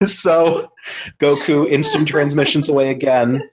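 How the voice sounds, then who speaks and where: A man's voice: on the high side, steady tone, unhurried, a little mellow, rough recording. A man co-hosting a podcast, telling a long story in casual chat with lots of fillers and swearing. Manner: rambling storyteller, heavy swearing, many fillers. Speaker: podcast co-host.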